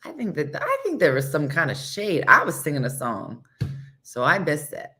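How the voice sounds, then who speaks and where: A woman's voice: low voice, huge pitch swings, normal speed, pushed and bright, soft background music. A woman hosting a live morning show, telling stories in a chatty way, acting out quotes and answering viewers by name. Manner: chatty storytelling, acts out quotes, laughs often. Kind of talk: casual live-stream chat reading comments.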